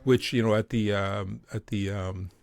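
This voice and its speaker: Animated storytelling man from Montreal, dry sound. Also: moderate pace, gravelly, dry recording. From Montreal, Canada. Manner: animated, acts out quoted voices in a higher pitch. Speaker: guest. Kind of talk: conversational storytelling.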